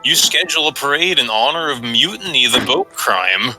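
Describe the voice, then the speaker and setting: A young man reading an absurd story aloud to friends on a voice chat call, mostly deadpan. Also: medium pitch, normal speed, soft background music, rough recording. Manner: deadpan reading, breaks into laughter.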